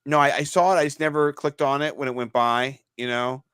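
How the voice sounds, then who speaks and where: A man co-hosting a podcast speaks briskly in a medium pitch with fairly even intonation and a clear, resonant, fairly bright tone. His casual chat is rambling and filler-heavy with frequent restarts and easy laughter, recorded in a clean studio with no echo.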